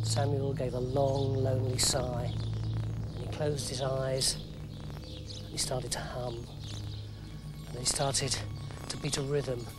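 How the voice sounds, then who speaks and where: A male storyteller narrates with playful energy, swinging between brisk, lively passages and hushed, quiet moments. Music plays under his voice throughout. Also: mid-range voice. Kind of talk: scripted dramatic narration.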